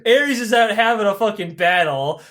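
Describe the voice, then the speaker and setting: A man's voice: high-pitched, animated, moderate pace, a bit bright. A man hosting a podcast, retelling stories in a profane, rambling, comedic way. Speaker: podcast host. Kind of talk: comedic storytelling.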